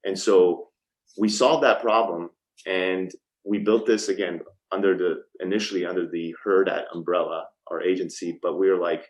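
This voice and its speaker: A man's voice: low-pitched, normal speed, low-quality recording. A man in his thirties, a podcast guest, telling a story in a casual interview and acting out the back-and-forth of phone calls, with frequent ums and restarts. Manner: lively storyteller who acts out quoted phone calls. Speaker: podcast guest, startup co-founder.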